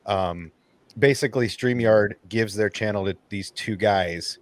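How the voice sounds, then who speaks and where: A man with a fairly low voice hosts a casual livestream chat with friends. He talks in an animated way and acts out his nervous inner thoughts. The sound is dry and close, with no room behind it. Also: measured pace, no echo. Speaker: channel host.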